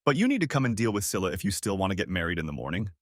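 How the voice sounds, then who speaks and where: A man's voice: deep voice, very animated, racing, no room sound, clean studio sound. A male narrator voicing a frantic, insistent female friend who talks bluntly and with exasperation, in an audiobook reading. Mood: urgent. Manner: pressing, exasperated.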